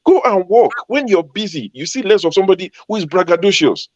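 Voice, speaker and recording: A man's voice: high voice, expressive, fairly quick, a little mellow, no room sound. A man from Ogun State in Nigeria, a panel guest arguing emphatically in a heated debate and repeating his points for force. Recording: dull lo-fi sound.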